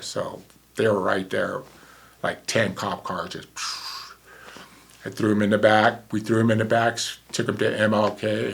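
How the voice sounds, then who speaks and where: A man's voice: lowish voice, level tone, a little slow, gravelly, long pauses. A man in his sixties, a former paramedic, telling a vivid story in a casual way and acting out the dialogue.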